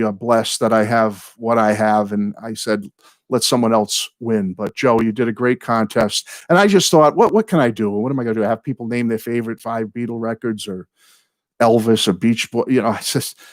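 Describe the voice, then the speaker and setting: An older man hosting his own live chat, greeting viewers and rambling excitedly through fan stories and thank-yous. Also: mid-range voice, dry recording, clean studio sound. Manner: rambling, excitable, apologizes for going off on tangents. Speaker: host of a music fan channel.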